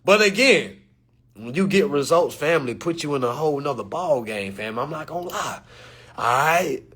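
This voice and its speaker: Brief: male creator, husky voice sitting a bit high, casual slangy talk to a phone camera. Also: normal speed. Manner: loose slangy delivery, swings from loud and animated to low and quiet. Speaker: social media creator. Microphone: phone or camera mic.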